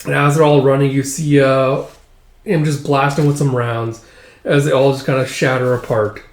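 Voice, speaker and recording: A man's voice: mid-range voice, level tone, moderate pace. A young man casually reading through a comic, narrating with lots of filler words and the occasional swear. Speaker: comic reader. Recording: roomy echo.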